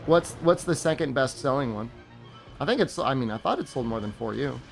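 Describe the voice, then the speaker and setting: Gravelly, expressive, and brisk, this medium-pitched male voice comes with soft background music. A young man streams a game and chats casually with his viewers, rambling sarcastically and chuckling at his own jokes.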